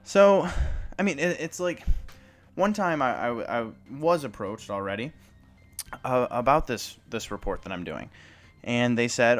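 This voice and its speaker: A man's voice: medium pitch, expressive, moderate pace, faint music behind. A young man hosting a sports report, telling an awkward story in a rambling, self-conscious way with many restarts, then reading the news.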